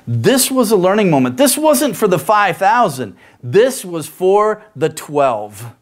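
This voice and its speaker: A male pastor delivering a sermon in an animated, rhetorical way, often tossing in "right?" asides. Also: fairly high pitch, a little slow.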